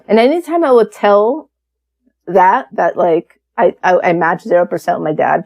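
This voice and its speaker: A woman around fifty shares a personal story as a podcast guest. She speaks frankly and casually, curses freely, and acts out what other people said. Her voice has a mellow, dark tone at a middle pitch. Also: lively intonation, fairly quick.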